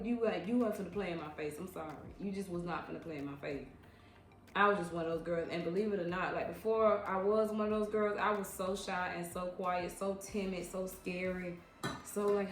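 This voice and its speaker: A woman's voice: on the low side, slight background noise. Frank, emphatic woman telling stories. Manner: slangy, drawn-out repetitions. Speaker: vlogger recounting her years as a club dancer. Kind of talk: casual story time. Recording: echoey room with faint ambience.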